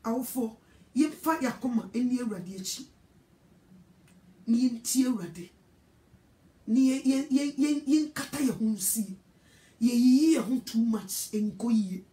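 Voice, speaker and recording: Ghanaian lady preacher scolding hard, pretty high voice, roomy echo. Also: unhurried, pauses often, warm tone. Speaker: evangelist. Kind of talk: sermon.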